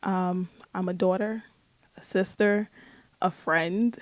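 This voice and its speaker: A woman's voice: lowish voice, steady tone, slow, no echo. A woman guesting on her husband's faith podcast, speaking in a modest, earnest way. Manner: modest, soft-spoken, earnest.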